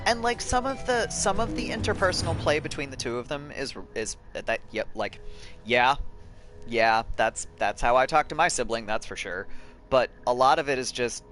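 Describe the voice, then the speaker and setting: A man's voice: medium pitch, very animated, normal speed. A man chatting loosely to viewers while playing a video game live, swearing freely and rambling. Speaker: game streamer. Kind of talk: casual live-stream commentary. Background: game music.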